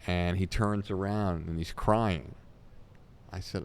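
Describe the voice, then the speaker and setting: Deep-voiced man telling stories. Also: slow, smooth. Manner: animated anecdotes, acts out quotes. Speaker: comedy talent manager, guest. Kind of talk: storytelling in an interview.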